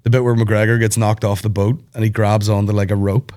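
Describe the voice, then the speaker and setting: A man hosting a podcast, rambling in animated, sweary banter. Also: fairly low pitch, a little fast. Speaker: podcast host. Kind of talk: casual chat.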